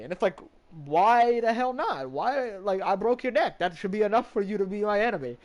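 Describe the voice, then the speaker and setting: A man's voice: sits high, animated, brisk. A man streaming a game, casually recapping its story in a rambling way, restarting sentences and swearing now and then.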